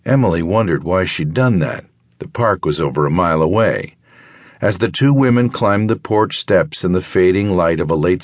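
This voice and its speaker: A man with a very low, deep voice reads a thriller audiobook in a measured, even way. The recording is close and dry, with no room sound. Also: dry recording. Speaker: audiobook narrator. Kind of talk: scripted narration.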